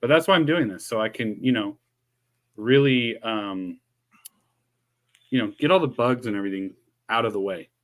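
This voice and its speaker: A man with a slightly low voice talks loosely to his stream viewers. He mutters, hums and drops dry, sarcastic jokes while fiddling with a camera and microphone. The talk is unscripted and easygoing. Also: normal speed, pauses often, fairly bright tone. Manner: dry sarcastic asides while fumbling with gear. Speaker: streamer setting up a live stream. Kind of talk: casual live-stream chat. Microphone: desk microphone he keeps adjusting.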